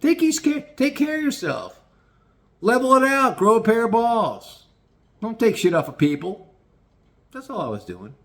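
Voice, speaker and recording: A middle-aged man telling a casual personal story in a profane, animated way, often acting out what people said. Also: extremely high pitch, unhurried, long pauses. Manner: profane and animated, acts out quoted dialogue.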